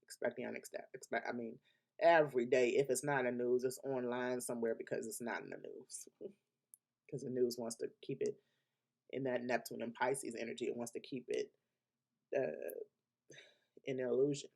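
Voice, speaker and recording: A man's voice: medium pitch, steady tone, normal speed, gravelly, a little mellow. A man giving a weekly astrology forecast in a casual, unscripted monologue. He is emphatic, often laughs between points, and talks loosely with restarts. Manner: loose colloquial speech with restarts.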